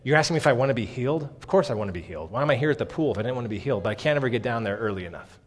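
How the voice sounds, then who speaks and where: A man's voice: mid-range voice, lively intonation, racing, close to an everyday voice. A man voicing a crotchety, impatient old man who complains as he answers. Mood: grumbling. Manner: complaining, exasperated. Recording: long hall reverb.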